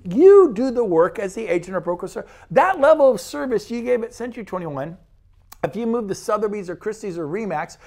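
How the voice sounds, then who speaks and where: A man's voice: high-pitched, a little mellow. Enthusiastic rambling real estate man. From Sacramento, California. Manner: enthusiastic, rambling, repeats phrases. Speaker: real estate broker presenting a brokerage. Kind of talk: sales pitch talk.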